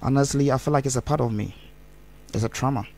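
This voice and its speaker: A man's voice: medium pitch, fast talker, darkish tone. A man, rambling as an interview guest and mixing Twi phrases into his English. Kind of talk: candid interview talk.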